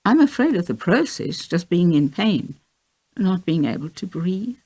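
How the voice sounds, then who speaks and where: A teary, earnest young woman facing cancer, read by a woman in an audiobook. The voice sits low and dark with a gravelly, husky edge, and it rises and falls a great deal as she speaks. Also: very animated, a little slow, heavily acted. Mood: heartfelt. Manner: teary, heartfelt. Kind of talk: audiobook reading of a memoir.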